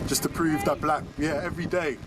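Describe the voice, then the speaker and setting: A man's voice: fairly high pitch, fairly even intonation, fairly quick. A young man at an outdoor protest, speaking hesitantly and reflectively before reciting a verse he wrote. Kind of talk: casual speech, then a recited rap verse. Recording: outdoor recording with street noise.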